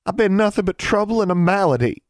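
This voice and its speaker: A man voicing an excitable young girl who speaks in breathless, emphatic bursts. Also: a little high, normal speed, no room sound, studio quality, pitched above the performer's own voice. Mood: exclaiming.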